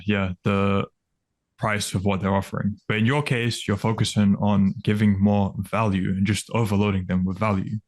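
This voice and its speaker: Low-voiced male interviewer, measured. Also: dry recording. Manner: measured, restates the guest's points before asking. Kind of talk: conversational interview questions.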